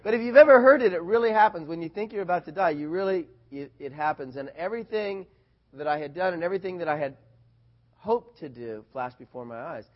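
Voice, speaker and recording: A man preaching from the pulpit, his voice pitched high as he tells a story. He turns animated and loud at the exciting parts. The recording sounds dull and lo-fi. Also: fairly quick. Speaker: pastor. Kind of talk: sermon with personal story.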